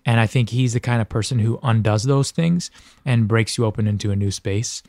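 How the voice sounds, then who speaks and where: A man's voice: lowish voice, fairly quick, a little mellow, no room sound, studio quality. A man speaking as a podcast guest in casual conversation, earnest and reflective, often stopping and restarting his sentences.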